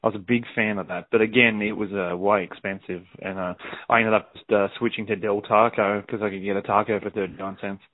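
A man's voice: fairly low pitch, steady tone, brisk, no echo. A man with an Australian accent, telling rambling stories in a casual podcast chat. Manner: laid-back, rambling storyteller with many fillers. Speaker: guest. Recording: dry, phone-like narrow sound.

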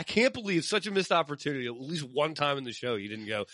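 A man's voice: on the high side, quick pace, no room sound. A man co-hosting a comedy podcast, talking casually with lots of swearing and teasing, and slipping into mock voices to quote people. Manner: animated, profane, teasing, puts on voices for quotes. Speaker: podcast co-host.

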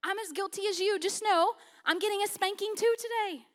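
A woman pastor preaches with a very high, bright, forceful voice. She talks to the congregation like a friend, joking, then drops to a near-hush to drive a point home. It is lively, personal church preaching rather than a formal address. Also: brisk. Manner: conversational preaching with humor, swinging from loud to hushed. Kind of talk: sermon.

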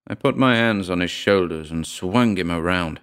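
A man reading a first-person horror short story aloud in a measured, storytelling way. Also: deep voice, a bit bright, clear, resonant tone. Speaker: narrator.

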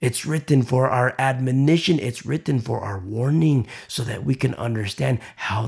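A man preaching a sermon, swinging from loud emphatic lines to hushed whispers. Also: medium pitch, normal speed, gravelly, hardly any pauses, husky. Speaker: pastor.

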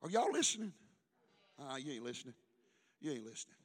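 A middle-aged man preaching a sermon as pastor, swinging between loud calls and hushed asides. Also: mid-range voice, big pitch swings, brisk.

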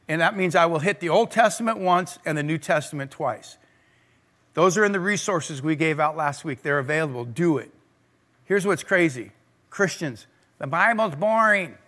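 A male pastor preaching an energetic sermon to a congregation, calling on them to respond. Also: a little high, normal speed. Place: church service.

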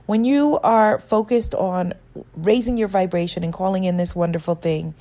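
A woman's voice: medium pitch, normal speed, mellow. A woman self-help author giving an earnest, encouraging guided talk on self-acceptance.

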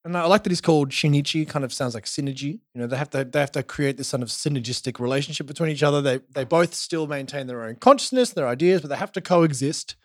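A man's voice: a little high, fast talker, few pauses, no room sound, studio quality. A man from Australia casually recapping a show as podcast co-host, telling it with energy and swearing. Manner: animated storytelling with swearing.

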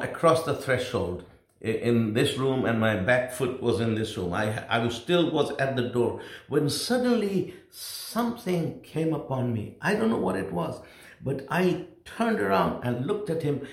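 Man, 60s, preacher telling a personal story; earnest and repetitive, mid pitch, echoey room. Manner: earnest, repetitive, emotional retelling with restarts. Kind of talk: sermon storytelling.

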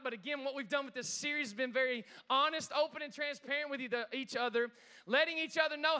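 Guy preaching in church, super high voice, pumped up, keeps asking the crowd to join in. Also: quick pace. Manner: energetic, engages congregation with call-outs. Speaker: pastor. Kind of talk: sermon. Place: church sanctuary with congregation.

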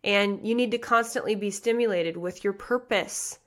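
Brief: woman, 30s, from the Midwest, podcast host, fervent motivational talk. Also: medium pitch. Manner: passionate, fast, chatty with many likes and you guys. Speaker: pageant coach and podcast host.

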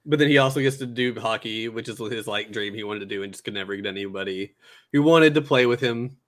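A man in casual chat, relaxed and agreeable, rambling through ideas with fillers. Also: fairly low pitch, fast talker. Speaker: co-host brainstorming an anime.

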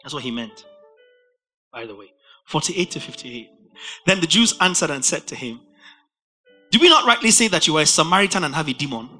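A man preaching a verse-by-verse Bible study sermon, animated and rising to near-shouts for emphasis. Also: on the high side, a little fast, long pauses, faint music behind.

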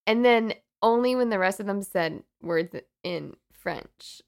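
Playful woman cohosting a podcast, animated teasing chat. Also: mid-range voice, unhurried, creaky, clear, resonant tone. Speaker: podcast co-host. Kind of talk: casual chat.

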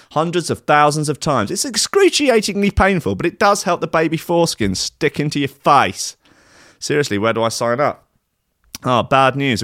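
A man's voice: medium pitch, a bit bright, no echo, clean studio sound. A man hosting a streamed comedy show, ranting sarcastically and swearing in exasperation. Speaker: host.

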